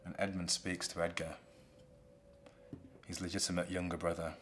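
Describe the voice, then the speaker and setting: A man with a very low voice retells a classic play in a relaxed, chatty way. He talks like he is explaining the story to a friend. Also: moderate pace, slight background noise. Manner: relaxed, conversational.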